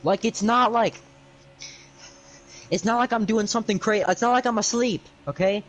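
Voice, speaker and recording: A man's voice: sits high, normal speed, fairly bright tone, a little hiss or hum, rough recording. A young man telling an exasperated, sarcastic, rambling story on a livestream. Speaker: streamer.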